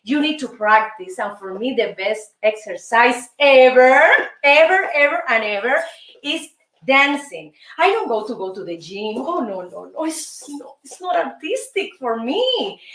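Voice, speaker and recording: A middle-aged woman from Cuba with a Cuban Spanish accent, teaching a salsa dance lesson and counting the beats aloud in a lively, encouraging way. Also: high voice. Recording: roomy sound from a distance, music behind.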